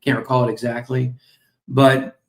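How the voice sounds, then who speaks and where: In a flat, mid-range voice at normal speed, a man hosting a crypto stream reads company news and comments casually, mixing in jokes, fillers and apologies. He's a little tired, yawning, on a streaming mic.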